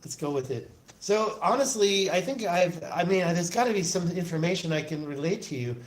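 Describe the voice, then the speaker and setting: A man's voice: high-pitched, expressive, brisk. Rambling man on a phone livestream. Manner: rambling, answers viewer comments aloud. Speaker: livestream host. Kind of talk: casual livestream chat.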